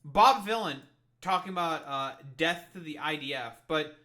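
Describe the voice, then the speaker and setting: Bright-voiced profane young man ranting. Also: on the high side, animated, normal speed. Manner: rambling, profane, sarcastic. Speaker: streamer reacting to clips. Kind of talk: casual profane reaction commentary.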